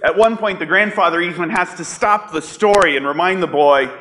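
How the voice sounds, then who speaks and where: A man preaching a sermon, slow and deliberate, with dramatic pauses. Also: on the high side, expressive, bright, forceful tone. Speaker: pastor.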